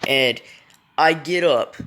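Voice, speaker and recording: A young man tells a story at an unhurried, slow pace in a bright, smooth voice. He rambles and swears freely. His sentences are full of fillers and restarts. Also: on the high side. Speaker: vlogger. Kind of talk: casual storytime.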